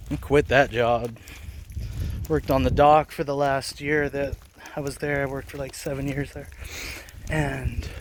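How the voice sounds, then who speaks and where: Slow, blunt, foul-mouthed man. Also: mid-range voice, a little hiss or hum. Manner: blunt, profane and rambling, with bursts of anger. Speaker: vlogger. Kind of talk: casual personal storytelling.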